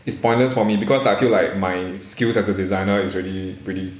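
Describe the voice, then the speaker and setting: A man's voice: low-pitched, steady tone, fast talker. A young man from Singapore with a Singaporean English accent, chatting casually on a podcast in a rambling way, with many fillers and restarts and blunt swearing. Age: young adult. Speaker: podcast co-host. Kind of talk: casual chat. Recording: echoey room.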